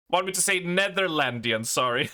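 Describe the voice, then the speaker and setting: A man's voice: sits high, sharp tone. A man streaming live and reacting casually to a video, often laughing.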